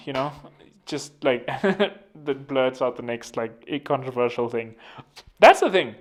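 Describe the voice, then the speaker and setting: A young man with a South African accent talking casually at a middle pitch. He rambles from point to point and keeps making self-deprecating jokes. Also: animated, slow pace. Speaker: vlogger. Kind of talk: casual political commentary.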